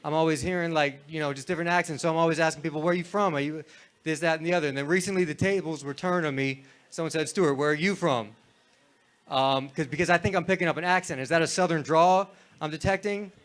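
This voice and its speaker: A man's voice: on the high side, fairly even intonation, quick pace, fairly bright tone. A young man from Florida doing a rambling, crude stand-up set on a club stage. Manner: laid-back, rambling, crude. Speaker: stand-up comedian.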